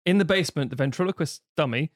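A man co-hosting a casual podcast, jokingly narrating a film pitch in long stretches. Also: fast, no room sound, clean studio sound. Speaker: podcast co-host.

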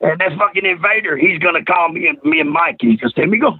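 Gravelly, animated man telling stories. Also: high voice, fast talker, no room sound, phone-quality sound. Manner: profane, animated storyteller acting out quotes. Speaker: podcast co-host. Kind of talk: casual storytelling.

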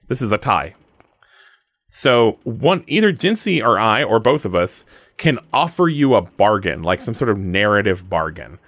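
A man acting as game master in a tabletop role-play, explaining the rules in a quick, chatty way. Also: on the low side, fairly bright tone, dry recording.

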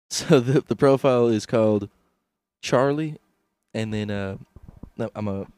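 A man's voice: lowish voice, slow pace, darkish tone, smooth, no room sound. A young man co-hosting a comedy podcast, rambling crudely with restarts and laughs, hungover. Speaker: podcast co-host. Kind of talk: casual comedy podcast chat.

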